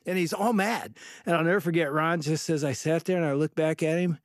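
A middle-aged man co-hosting a radio talk show, telling a story with lively energy. His voice sits a little higher than most men's, and the sound is dry and close to the mic. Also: fast, no room sound. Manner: animated, acts out quoted voices in the story. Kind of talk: storytelling in a conversation.

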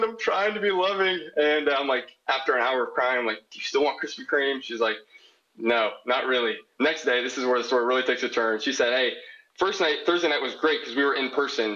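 A man's voice: mid-range voice, quick pace, bright, forceful tone, muffled recording. A young man from South Dakota, calling in with a question, telling a personal story in an earnest, rambling way. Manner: earnest, rambling, quotes people as he tells it. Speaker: caller asking a question. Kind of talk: candid storytelling.

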